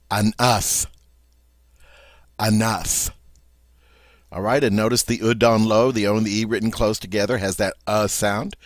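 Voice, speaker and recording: A man teaching a vocabulary lesson, saying each word three times slowly and explaining it in plain terms. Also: fairly low pitch, no room sound. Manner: repeats each French word three times, slow and deliberate. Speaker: French teacher. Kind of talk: vocabulary lesson with repeat-after-me drills.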